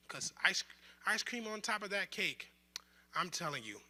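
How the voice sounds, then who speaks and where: A man's voice: sits high, normal speed. A young man teaching a bible study group in a casual, joking way, acting out quotes as he goes. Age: young adult. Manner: conversational, joking, with lively asides and acted-out quotes. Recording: roomy hall with long reverb.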